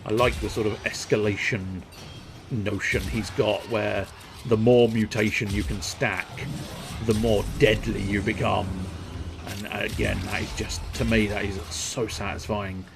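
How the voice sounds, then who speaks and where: A man's voice: on the low side, little pitch movement, unhurried, vocal fry, background noise. A man streaming a video game, rambling casually with jokes and a self-deprecating streak. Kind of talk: casual gameplay commentary.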